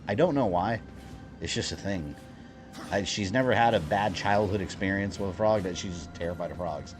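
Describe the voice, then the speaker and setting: A man streaming a video game, telling a story in casual chat, animated and swearing freely with lots of fillers. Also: medium pitch. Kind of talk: casual storytelling while gaming. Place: home, lives in Florida.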